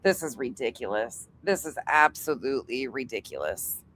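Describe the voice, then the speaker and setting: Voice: medium pitch, animated, moderate pace, fairly bright tone, a little hiss or hum. A channel host giving blunt, exasperated commentary while reacting to a clip, swearing freely.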